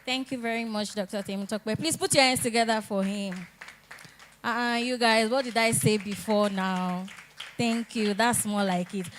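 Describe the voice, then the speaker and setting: A woman's voice: a little high, steady tone, moderate pace, a little hiss or hum. A woman hosting an event, rallying the audience. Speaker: event host.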